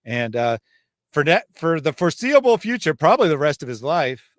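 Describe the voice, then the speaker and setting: A man's voice: a little high, very animated, brisk, no room sound. Dry-voiced male livestream host. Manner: wry, sardonic asides. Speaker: livestream host reading super chats. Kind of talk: casual live chat.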